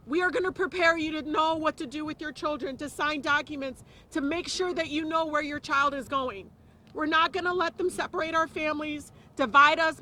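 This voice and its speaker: A woman's voice: high-pitched, sharp tone. A woman giving an impassioned press conference speech, emphatic and repeating phrases for stress. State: close to tears at times. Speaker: politician speaking at a press conference.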